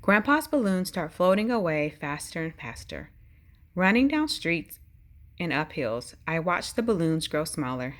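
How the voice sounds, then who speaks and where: A woman hosting a bedtime read-aloud, narrating expressively and talking gently to the children listening. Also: fairly low pitch, big pitch swings, measured pace. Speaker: host reading a bedtime story.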